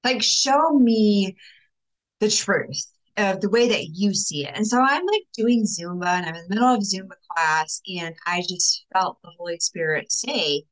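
A young woman talks straight to her viewers as a faith-based life coach, her voice lively and quick to jump in pitch. She speaks casually and with emphasis, peppering her sentences with "like" and "you know.". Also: low-quality recording. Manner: animated, emphatic, talks with many fillers like "like". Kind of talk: casual vlog talk to viewers.

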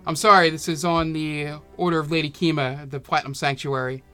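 A man puts on a female dragonborn council official in a tabletop game, formal and brisk, with a raised pitch and a loud, bright tone. Faint music runs in the background. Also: flat delivery.

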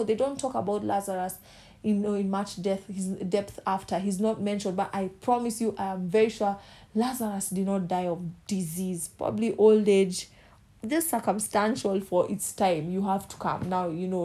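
A woman's voice: mid-range voice, dark tone. A woman preaching a passionate sermon, acting out the voices she quotes.

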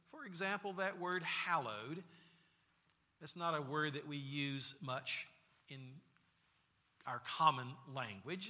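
Male pastor, conversational sermon; slow and unhurried, bright tone, echoing sanctuary. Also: a little high. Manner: unhurried, conversational, repeats words when restarting. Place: church sanctuary. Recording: long church hall reverb.

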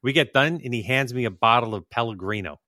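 Bright-voiced joking male podcast co-host. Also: mid-range voice, fairly quick, no echo, studio quality. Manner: joking, teasing banter. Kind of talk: casual chat.

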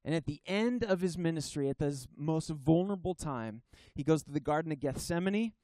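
A man, a pastor, preaching a sermon at a church service in an earnest, emphatic way, slowing down on key phrases and sometimes restarting his sentences. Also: fairly high pitch, lively intonation, dark tone, no room sound.

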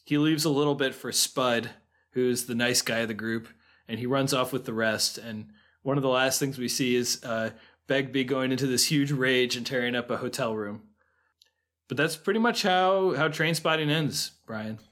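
A man's voice: mid-range voice, moderate pace, fairly bright tone. Chatty man talking through a film. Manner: chatty, thinks aloud with fillers and restarts. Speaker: podcast co-host. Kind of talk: casual film discussion.

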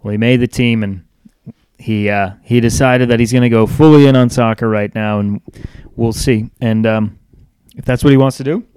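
A man's voice: medium pitch, steady tone, moderate pace, darkish tone, clear, resonant tone. A man hosting a casual solo podcast, rambling and upbeat, with lots of fillers and restarts. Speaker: podcast host.

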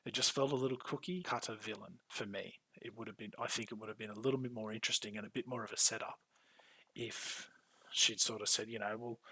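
This podcast co-host has a husky, lowish voice, captured in a low-quality recording with no room sound. He recaps the episode casually and animatedly, swearing freely and acting out characters' lines in quick bursts.

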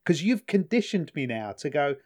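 Young male co-host, a touch high-voiced, easygoing storyteller. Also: moderate pace. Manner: relaxed storyteller, retells quotes with funny voices. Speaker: podcast co-host. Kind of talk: casual chat.

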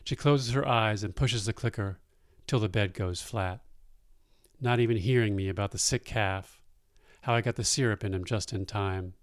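A man reading a first-person story aloud in a plain-spoken, unhurried way. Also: lowish voice, no room sound, studio quality.

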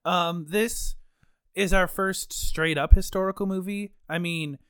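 A man's voice: high voice, fairly even intonation, measured pace, a bit bright, clean tone, dry recording. A young man co-hosting a podcast, chatting casually with dry, wry humor. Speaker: podcast co-host. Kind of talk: casual chat.

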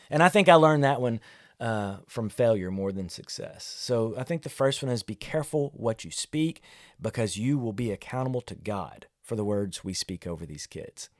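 A man's voice: mid-range voice, dry recording, studio quality. A man, a pastor talking candidly and conversationally about parenting, often restarting his sentences. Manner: candid, self-deprecating, conversational with frequent restarts. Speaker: pastor and podcast host. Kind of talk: reflective solo podcast talk on parenting.

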